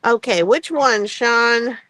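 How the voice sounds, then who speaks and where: A woman's voice: fairly high pitch, slow pace, bright, forceful tone, no room sound. A woman co-hosting a live craft sale, checking buyers' picks aloud in a friendly, casual way. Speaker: sale co-host.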